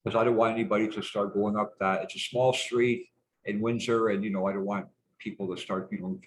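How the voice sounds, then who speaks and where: A man's voice: on the low side, steady tone, a little fast, slight background noise, low-quality recording. A middle-aged man telling stories as a guest in a casual conversation, rambling and hesitant, stopping and restarting, with frequent swearing. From Canada.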